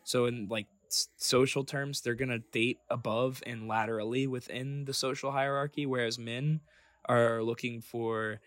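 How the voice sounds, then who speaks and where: A man's voice: mid-range voice, steady tone, moderate pace, a bit bright, no echo. A young man co-hosting a casual podcast chat, rambling and swearing, calling his friend dude and bro. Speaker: podcast co-host.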